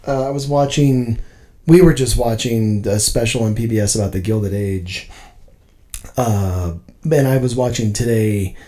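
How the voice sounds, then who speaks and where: Mellow-voiced opinionated man. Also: mid-range voice, measured pace. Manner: opinionated, rambling. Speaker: podcast co-host. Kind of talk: casual discussion.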